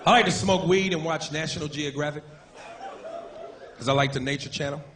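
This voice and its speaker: Profane, high-voiced stand-up comedian. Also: male voice, brisk. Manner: crude, animated, profane jokes. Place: comedy club stage. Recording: noisy live club recording. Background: audience laughter.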